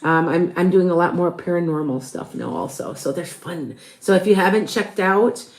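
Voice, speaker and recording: Low-voiced woman hosting a live tarot stream. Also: normal speed, darkish tone, roomy sound. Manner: chatty, answers viewer questions with fillers. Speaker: tarot reader and show host.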